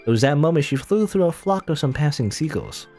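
A man's voice: on the high side, expressive, a little fast, warm tone, faint music behind. A man hosting a let's play, reading a game's story text aloud with casual asides and chuckles.

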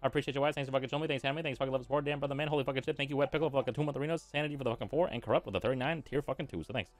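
A man's voice: medium pitch, no room sound. A young adult man streaming a game live, rattling off profane thank-yous to subscribers in a casual chat style. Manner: profane, rapid shout-outs to subscribers.

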